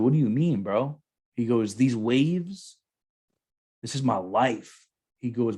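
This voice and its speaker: A man's voice: mid-range voice, takes it slowly, mellow. A young adult man, a former Marine sergeant hosting a podcast, telling a personal story in casual slang and calling his co-host bro a lot.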